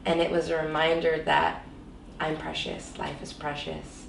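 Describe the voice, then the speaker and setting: Woman, earnest interview guest, gravelly, slightly distant mic, faint room ambience. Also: sits low, level tone, a little slow, slight background noise. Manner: earnest, reflective, many fillers like "you know". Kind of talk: candid personal storytelling. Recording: roomy echo, voice a bit off-mic, faint background ambience.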